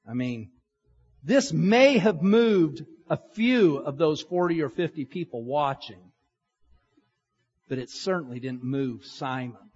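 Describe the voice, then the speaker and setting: A middle-aged pastor preaching in a relaxed, storytelling way, like he is talking with the congregation. His voice is husky and sits a little high. The recording is dull and lo-fi, with a long reverb from a large hall. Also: slow pace. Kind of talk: sermon.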